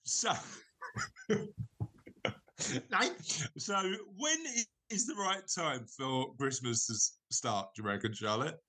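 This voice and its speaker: A man hosting a casual podcast, his voice bright and forward. He rambles, restarts his sentences and keeps slipping in jokes. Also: medium pitch, big pitch swings, measured pace. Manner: rambling, self-correcting, jokey. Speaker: podcast host. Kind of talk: casual chat.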